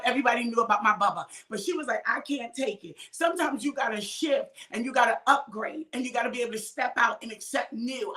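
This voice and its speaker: A woman minister preaching informally to online viewers, exhorting them, calling out names and often shouting. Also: high voice. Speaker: minister hosting a midday livestream.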